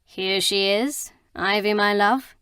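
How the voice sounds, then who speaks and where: A woman's voice: medium pitch, slow, a bit bright, smooth, no echo, studio quality. A woman voicing a jovial, mocking aristocratic man who teases his half-sister. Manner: teasing and boisterous.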